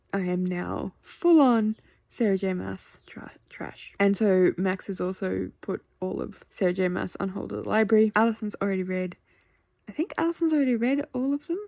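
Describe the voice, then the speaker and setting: A woman chatting in a casual reading vlog, excitable and gushing, sometimes dropping to a whisper. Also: medium pitch, moderate pace, gravelly, no echo. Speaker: book vlogger.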